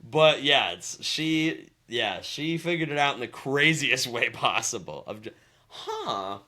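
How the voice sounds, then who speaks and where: A young man co-hosting a casual movie chat, animated and laughing often as he acts out lines from scenes. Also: medium pitch, unhurried. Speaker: podcast co-host.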